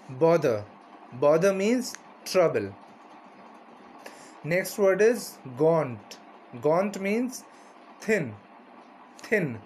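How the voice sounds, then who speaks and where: A man's voice: high-pitched, a little hiss or hum. A man teaching a vocabulary lesson, repeating each word and its meaning and often asking "right?".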